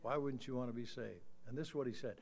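A man in his sixties preaching in a church, telling a story and then rising to loud, emphatic calls before leading a quiet prayer. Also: mid-range voice, fast, creaky. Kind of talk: sermon with altar call. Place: church sanctuary.

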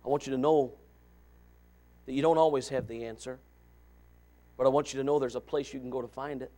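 A man's voice: medium pitch, steady tone, brisk, dark tone. A middle-aged man preaching a sermon, emphatic and impassioned, with joking asides.

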